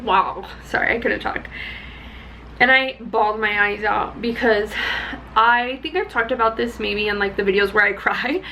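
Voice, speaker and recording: Excitable young woman, chatty vlogger; bright, forceful tone with a faint hiss behind her. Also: moderate pace, rough recording. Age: young adult. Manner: chatty and excitable, high energy. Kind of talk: casual chat.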